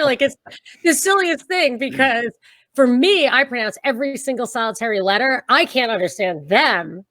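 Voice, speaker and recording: A middle-aged woman from Brooklyn with a strong New York accent talks through a casual livestream chat. She is animated and laughs easily, her voice sitting a little high and dry, close to the mic. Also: moderate pace, no echo. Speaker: podcast co-host. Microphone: livestream video call.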